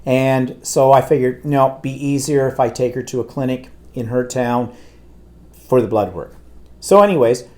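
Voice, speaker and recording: A man's voice: medium pitch, moderate pace, darkish tone. Rambling man telling a story. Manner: rambling anecdotal storyteller, exasperated. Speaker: co-host. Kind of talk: casual chat.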